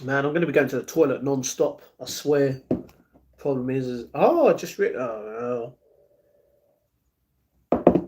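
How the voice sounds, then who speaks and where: A man's voice: mid-range voice, lively intonation, unhurried, long pauses, darkish tone, a little hiss or hum. A young British man chatting casually on a live stream, answering viewers by name and laughing often. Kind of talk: casual live-stream chat, reading chat messages.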